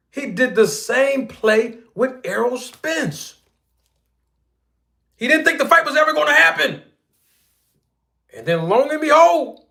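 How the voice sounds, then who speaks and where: High-voiced playful boxing commentator man. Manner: playful, teasing, animated storytelling with sudden loud and soft swings. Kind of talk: casual commentary to viewers.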